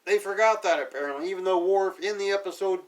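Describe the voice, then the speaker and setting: A man's voice: sits high, fast, distant mic, rough recording. A man casually recapping a TV episode in a sarcastic, offhand way, paraphrasing the characters as he goes. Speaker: TV episode reviewer.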